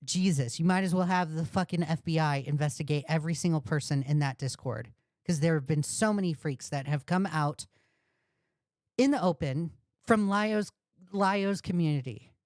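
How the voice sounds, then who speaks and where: A woman's voice: deep voice, moderate pace, darkish tone, dry recording, studio quality. A woman host ranting on a commentary livestream, profane and indignant, repeating insults. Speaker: commentary streamer.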